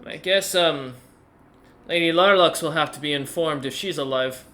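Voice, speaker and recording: A man's voice: on the high side, moderate pace, pushed and bright. A man voicing a scheming old granny shopkeeper with a folksy, gossipy drawl.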